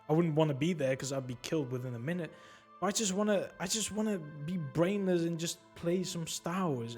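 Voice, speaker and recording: A young man talks through his frustration in a loose, conversational rant, swearing now and then. His voice sits a little high for a man. Soft music plays faintly underneath. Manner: casual, exasperated, swears and laughs. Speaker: gaming commentator. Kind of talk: opinion vlog rant.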